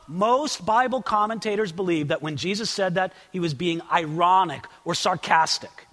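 A male pastor preaching an expository sermon, animated, acting out quoted voices and swinging between loud bursts and hushed asides. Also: high voice, a little slow, long reverb tail.

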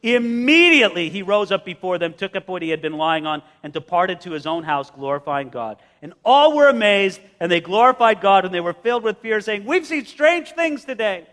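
A man preaching a sermon, acting out scenes with lively voices. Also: high voice, a little fast, few pauses. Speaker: pastor. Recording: long hall reverb.

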